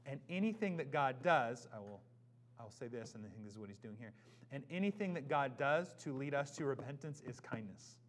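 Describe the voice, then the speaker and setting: A man preaching a sermon, swinging between loud emphatic declarations and quiet, close asides. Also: medium pitch, lively intonation, brisk. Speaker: pastor.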